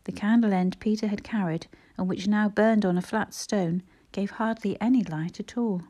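A woman narrating a children's storybook as an audiobook, in a measured, expressive reading. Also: medium pitch.

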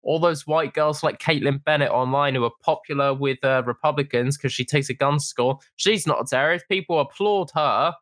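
A man's voice: on the high side, fairly quick, few pauses, fairly bright tone, dry recording. Sarcastic young man, dry close mic. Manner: indignant, sarcastic. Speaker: podcast co-host. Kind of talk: casual opinion chat.

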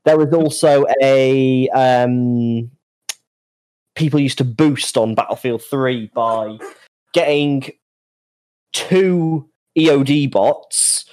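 Guy, mid voice, relaxed and sweary in casual chat. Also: mid-range voice, takes it slowly, low-quality recording. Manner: laid-back, sweary.

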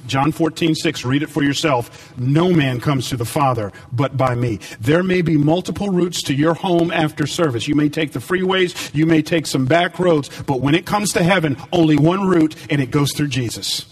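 A man preaching a sermon, animated and rising to emphatic peaks. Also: a little high, normal speed, distant mic, low-quality recording.

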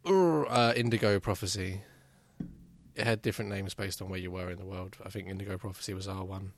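A man's voice: low voice, fairly quick, gravelly. A man chatting casually about video games, rambling with many fillers and restarts. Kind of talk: casual gaming chat.

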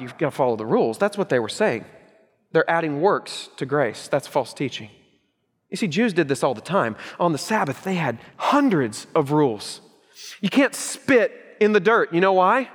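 Middle-aged male pastor, high-pitched and emphatic, preaching in a reverberant church hall. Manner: emphatic, punchy repetition, swings between loud urgency and hushed gravity. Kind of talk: sermon.

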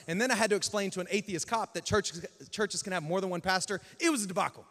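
A male pastor telling a story in a sermon, animated and acting out dialogue with sudden shouts. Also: sits high, fast talker, few pauses. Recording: long hall reverb.

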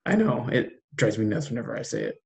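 A man chatting casually with a friend in a relaxed, easygoing way. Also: mid-range voice, quick pace, creaky. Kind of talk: casual chat.

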